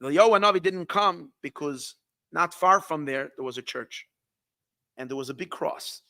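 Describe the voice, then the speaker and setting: A man, a rabbi, telling a long story in a halting way, often restarting and repeating words, with Yiddish words mixed in. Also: on the high side, lively intonation, bright, forceful tone, dry recording, clean studio sound. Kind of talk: storytelling talk.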